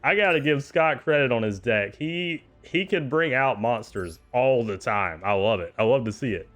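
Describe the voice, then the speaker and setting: A man giving casual, excitable play-by-play commentary on a card game tournament, chuckling often and cheering the players on. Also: mid-range voice, moderate pace, soft background music.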